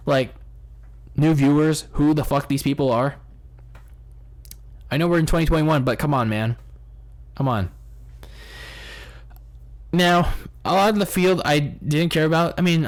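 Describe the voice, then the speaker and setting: A man hosting a casual podcast review, rambling with many restarts, swearing and laughing at his own jokes. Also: mid-range voice. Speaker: podcast host. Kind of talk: casual wrestling review chat.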